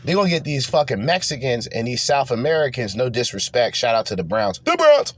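Husky, animated man ranting. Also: medium pitch, fairly quick, no room sound. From New Jersey. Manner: rambling, profane, heated. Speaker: podcast host. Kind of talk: casual political rant.

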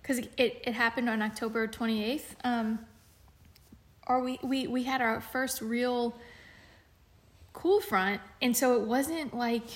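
A woman's voice: fairly high pitch, slow, long pauses. A woman co-hosting a podcast, telling a story in casual chat with plenty of fillers and restarts. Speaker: podcast co-host.

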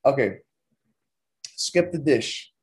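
A man's voice: mid-range voice, lively intonation, takes it slowly. A young man telling profane, rambling stories in a loose, joking, casual way as a podcast host. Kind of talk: casual storytelling.

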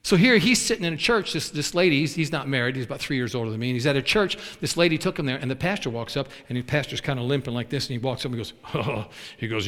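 A man preaching, telling folksy stories with lively acted quotes. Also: mid-range voice, fast talker, few pauses, big-room sound. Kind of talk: storytelling sermon.

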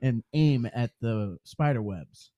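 A man's voice: mid-range voice, animated, slow, muffled recording, crowd noise. A young man from Michigan in casual chat, telling a crude funny story with a joking manner. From Flint, Michigan. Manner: joking, crude, laughs often.

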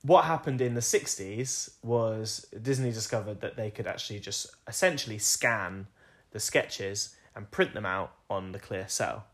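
A man's voice: fairly low pitch, unhurried. A young man co-hosting a podcast, chatting casually, explaining at length and laughing often. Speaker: podcast co-host.

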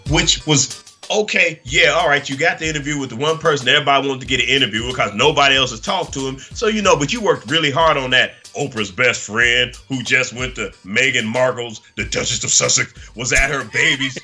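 A man's voice: mid-range voice, normal speed, sharp tone, faint music behind. A man hosting a comedy podcast segment, delivering a profane, mocking rant.

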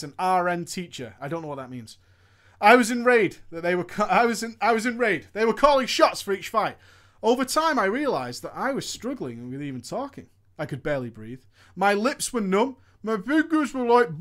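A man comedically reading a viewer's gaming story aloud, breaking off to laugh, swear and comment. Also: high-pitched. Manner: animated, swears freely, laughs often.

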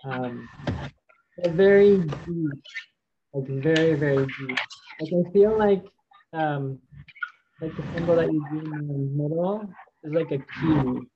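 A participant in a group sharing circle, hesitant and dreamy, with many pauses. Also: mid-range voice, highs cut off, background noise.

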